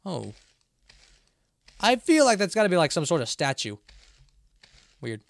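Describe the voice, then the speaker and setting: Male streamer, high and very animated, playful and jokey, banters with the game's characters. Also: unhurried, creaky, dry recording. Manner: playful, jokey, talking back to game characters; rambling self-talk with frequent restarts. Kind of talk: live gameplay commentary.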